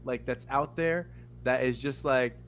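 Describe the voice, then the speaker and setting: A man co-hosting a podcast, in casual profane chat, animated and full of mimicry. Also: mid-range voice, unhurried, slight background noise. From Miami. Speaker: podcast co-host.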